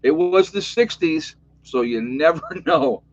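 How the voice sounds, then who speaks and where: A man's voice: fairly high pitch, sing-song, a little slow, vocal fry, no echo, dull audio. An overtired man in his fifties with a New York accent, rambling in a chatty, joking way as he hosts a casual livestream for his channel. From United States. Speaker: YouTube channel host.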